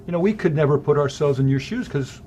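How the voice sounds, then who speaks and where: Former ballplayer guest, sixties, sincere, halting with fillers, faint background hiss. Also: male voice, fairly high pitch, animated, dark tone. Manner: earnest, grateful, halting with fillers. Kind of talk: reflective interview chat.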